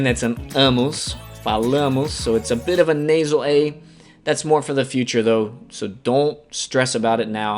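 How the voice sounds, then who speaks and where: Man, Southern American accent, language teacher, patient, repeats examples, faint guitar music behind. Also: mid-range voice. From Alabama, US South. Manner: patient, spells out words and repeats examples slowly. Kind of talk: scripted beginner grammar lesson.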